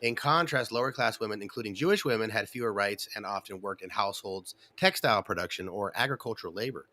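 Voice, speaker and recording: A man's voice: on the low side, quick pace, pushed and bright. A man co-hosting a casual Bible study talk show, reading historical notes aloud and joking in between. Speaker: co-host.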